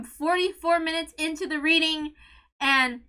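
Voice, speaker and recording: At normal speed and an extremely high pitch, the host of a visual novel read-along delivers emotional reactions. She rants passionately, shouting and stammering, close to crying.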